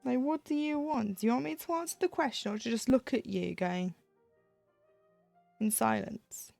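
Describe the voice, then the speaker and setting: A woman's voice: fairly high pitch, normal speed, gravelly, darkish tone, dry recording, faint music behind. A woman chatting casually on a live stream while she stitches, acting out little quoted exchanges with a self-deprecating humor.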